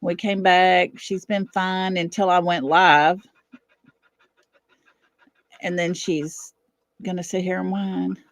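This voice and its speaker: A woman in her fifties hosting a casual livestream from her home, chatting with viewers and breaking off to calm her dog. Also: on the low side, slow, long pauses, dry recording. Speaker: livestream host. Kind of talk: casual live chat with viewers. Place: home, indoors.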